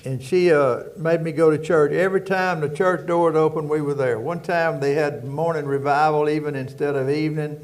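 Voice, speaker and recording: With a slightly high, steady voice, this older former prison warden from Louisiana tells stories as an interview guest at a moderate pace, with few pauses. His rural Southern accent goes with a folksy, rambling style, and he often circles back with "anyway."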